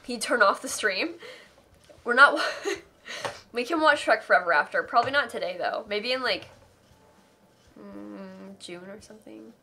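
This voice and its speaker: A woman's voice: mid-range voice, moderate pace, vocal fry, pauses often, bright, forceful tone, slight background noise. A young adult woman streamer reading donation messages aloud on a live charity stream, thanking people in an effusive, emotional way.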